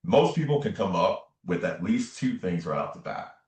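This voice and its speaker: A man's voice: sits low, expressive, normal speed, darkish tone. A man, a spiritual medium guest, telling his story in an earnest, emphatic way with repeated phrases. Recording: roomy echo, distant from the mic.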